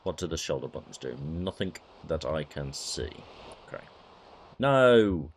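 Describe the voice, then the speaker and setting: A man's voice: a bass voice, very animated, a little slow, slight background noise. A man casually commenting on a retro adventure game, wry and self-mocking. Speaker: let's-play host.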